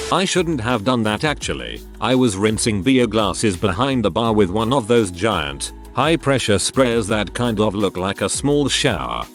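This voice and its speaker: Low-voiced man narrating lively stories. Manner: animated storytelling of reader anecdotes. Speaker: story narrator. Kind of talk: scripted narration.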